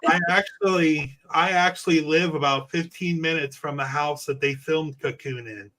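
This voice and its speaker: A man's voice: fairly high pitch, normal speed, bright, forceful tone, poor audio. A man from Florida hosting a casual interview over a video call, friendly and encouraging. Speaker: host.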